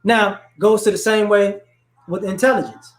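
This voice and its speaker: A man's voice: sits high, fairly even intonation, moderate pace. A man from New Orleans with a faint New Orleans accent, mixed with Chicago and DC area speech, giving his opinions in a loose, casual chat full of restarts. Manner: loose, conversational, frequent restarts and "you know".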